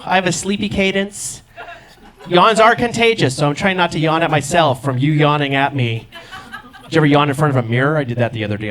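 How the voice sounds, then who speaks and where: A man's voice: a little high, a bit bright. A young man doing playful stand-up, chatting with the audience on a handheld mic in a comedy club. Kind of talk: musical stand-up with crowd work. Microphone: handheld stage mic.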